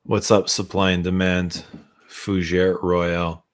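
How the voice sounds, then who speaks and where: A man hosts a late-night livestream in a relaxed, drawling chat. His voice sits very low and deep, and he laughs often. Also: slow. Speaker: perfume brand owner hosting a livestream.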